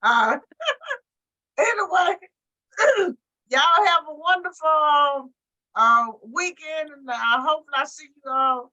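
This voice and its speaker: A high-pitched woman hosts a casual book club chat. Her voice is bright and clear, and she talks in a friendly way, stretching out her "uh"s between thoughts. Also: low-quality recording. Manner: friendly, fills pauses with drawn-out "uh".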